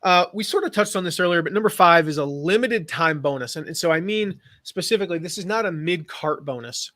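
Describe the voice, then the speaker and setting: A man's voice: high-pitched, lively intonation, fairly quick, sharp tone, no echo, clean studio sound. An American man who grew up in the Midwest and South, teaching affiliate marketing in a rambling, casual live-stream chat. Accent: General American. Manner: chatty, rambling, with fillers and restarts.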